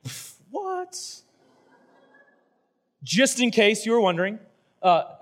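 A man preaching a sermon, telling scripture stories in a casual, animated way with playful voiced asides. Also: sits high. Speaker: pastor.

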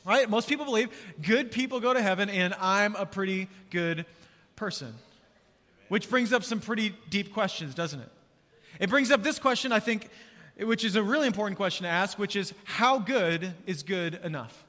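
High, bright-voiced pastor in a hall. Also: male voice, moderate pace. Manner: energetic, conversational, calls for crowd response. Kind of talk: sermon. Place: large church auditorium. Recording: long church hall reverb.

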